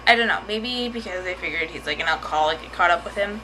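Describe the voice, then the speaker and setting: A woman's voice: fairly low pitch, quick pace, noisy background. A woman vlogging casually, chatty and rambling as she tells a story, often laughing. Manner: chatty, rambling, laughs while telling stories.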